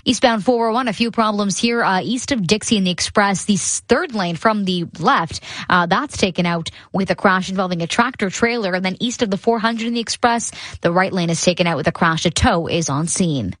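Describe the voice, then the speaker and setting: A woman giving a radio traffic report, brisk with the odd filler. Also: medium pitch, a bit bright, no room sound.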